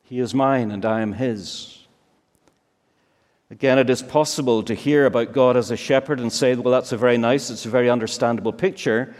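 Guy preaching a sermon, middle pitch, leans hard on key words, long hall echo. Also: steady tone, darkish tone. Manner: slow and emphatic, with searching rhetorical questions. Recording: long reverb of a large hall.

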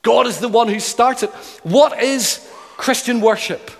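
A man's voice: very high-pitched, measured pace. A man preaching a sermon in earnest, building emphasis through repeated phrases. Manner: earnest, emphatic, rhythmic repetition. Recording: long hall reverb.

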